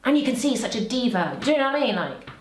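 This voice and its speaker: A woman's voice: fairly high pitch, very animated, racing, noisy background. A woman, a vocal coach, chatting casually and exclaiming as she reacts, with frequent laughs. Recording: echoey room.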